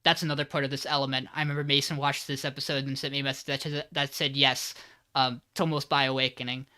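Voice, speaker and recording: A podcast host with a bright, forceful tone talks through an anime episode in a loose, rambling way. The speaker slips into the characters' lines with lively energy. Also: mid-range voice, fast. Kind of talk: casual anime recap podcast.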